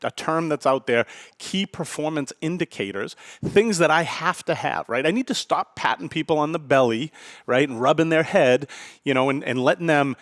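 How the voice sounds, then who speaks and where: A man's voice: on the high side, moderate pace, a bit bright, no room sound, clean studio sound. A man hosting a podcast as a restaurant owner, talking in a blunt, emphatic, casual monologue that repeats points and swears.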